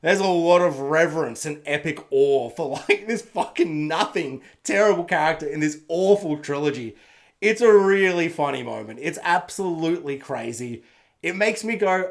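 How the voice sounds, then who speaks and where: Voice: mid-range voice, moderate pace. A film reviewer ranting through a spoiler recap, sarcastic and swearing freely. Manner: animated, sarcastic, swears freely, laughs often.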